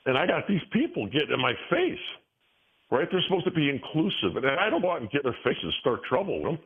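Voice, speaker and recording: A man's voice: a little high, quick pace, husky. A man in his sixties telling stories on a call-in talk show, with many restarts and fillers. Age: 60s. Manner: animated storytelling with frequent restarts. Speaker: guest. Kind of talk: casual interview talk. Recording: tinny phone-line audio.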